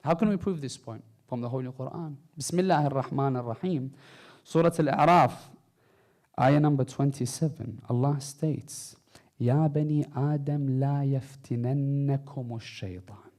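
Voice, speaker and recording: A man giving an impassioned sermon, swinging between soft, low passages and loud, high bursts, with recited Arabic phrases. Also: normal speed. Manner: impassioned, rising and falling delivery with Arabic recitation. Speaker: speaker. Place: mosque hall.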